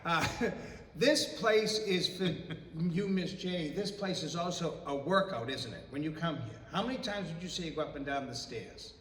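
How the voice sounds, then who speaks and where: A man's voice: a little high, lively intonation, normal speed, a bit bright, slight background noise. A middle-aged man, a parish priest hosting a casual web show, joking and laughing often. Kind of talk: casual chat. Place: parish house room. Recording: echoey room, mic at a distance.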